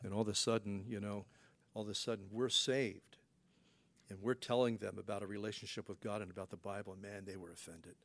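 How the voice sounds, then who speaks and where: This preacher's voice is lowish and fairly even, with vocal fry, and he moves fairly quickly. His conversational sermon has a folksy feel, with lots of rhetorical questions and "you know" fillers.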